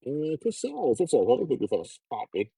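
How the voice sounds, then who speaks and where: A man's voice: mid-range voice, wildly swooping pitch, fairly quick, gravelly, dark tone, breathy edge, no echo. A man chatting casually with his livestream viewers, rambling and swearing as he talks about life on the road. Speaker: livestreaming traveler.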